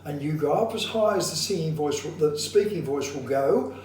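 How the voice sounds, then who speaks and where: A male voice coach speaking in a somewhat high voice, heard from a distance. His voice rings through a very echoey room as he explains technique in a measured, instructive way. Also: lively intonation, a little mellow, slight background noise. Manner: measured, instructive, slows to stress points. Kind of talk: singing lesson with demonstrations.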